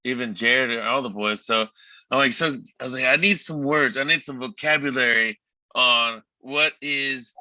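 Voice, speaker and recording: A man's voice: medium pitch, normal speed, pushed and bright, no echo. A man in a band, chatting casually and telling rambling stories on a livestream. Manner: laid-back, rambling storyteller. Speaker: band member. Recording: dull lo-fi dry sound.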